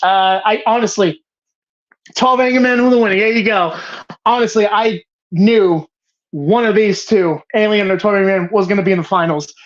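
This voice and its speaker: A woman's voice: mid-range voice, moderate pace. A woman hosting a casual movie show, talking passionately with frequent swearing and restarts. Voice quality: emphatic, profane, rambling with restarts. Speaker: host of a movie bracket show. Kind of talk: casual, passionate film talk. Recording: slightly dull lo-fi sound.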